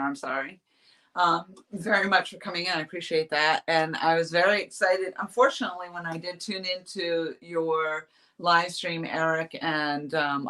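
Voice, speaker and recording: Bright-voiced chatty woman streaming live. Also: sits low. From New Hampshire. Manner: chatty and rambling, laughs often. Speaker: fishing vlogger reading live chat. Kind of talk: casual livestream chat.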